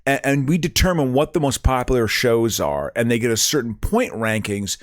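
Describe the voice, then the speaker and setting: A man's voice: medium pitch, animated, moderate pace, no room sound, clean studio sound. A man co-hosting a podcast in casual chat, rambling and self-mocking as he explains a show. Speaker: podcast co-host.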